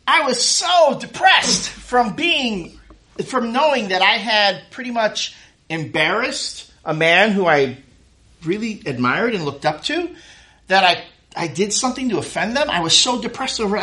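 A man tells a long comic story on stage, voicing the people in it as he goes. His voice sits high. He swings it up and down with a lot of life. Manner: animated, acts out quotes of others. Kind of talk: stand-up storytelling. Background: audience laughter.

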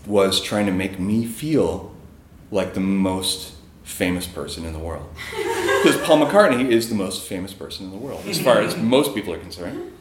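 Male storyteller, casual and rambling delivery with fillers, low voice, roomy echo. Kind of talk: live storytelling.

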